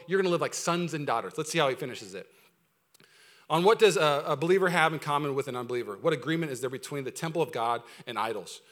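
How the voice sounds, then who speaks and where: Male pastor, high and quick, animated exhorting sermon in a church. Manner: animated, exhorting, calls for congregation responses. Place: church sanctuary.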